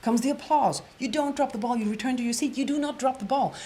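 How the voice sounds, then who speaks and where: A woman presentation coach giving an energetic storytelling workshop lecture, repeating phrases and dropping to an emphatic whisper on key points. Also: sits high, fast talker, slight background noise.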